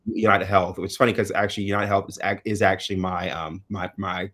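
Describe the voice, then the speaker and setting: A man with a fairly low voice co-hosting a relaxed news chat. He recounts stories in a halting, chatty way, often pausing and restarting his sentences. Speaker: co-host.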